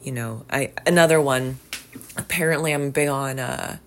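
A woman hosting a poetry reading, reading poems aloud and musing on them in an unhurried, reflective, conversational way. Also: rumbling low, slight background noise. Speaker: podcast host reading poems.

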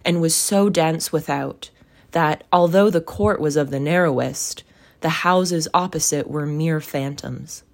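Slow, low-voiced woman reading a story. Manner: measured, even, careful phrasing. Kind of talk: reading a classic novel aloud.

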